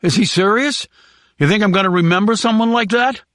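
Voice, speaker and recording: A man voicing a frightened, whining male smuggler with a shrill, panicky voice in an audiobook. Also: fairly quick, fairly bright tone, no room sound, studio quality. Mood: sneering. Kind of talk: audiobook character voice.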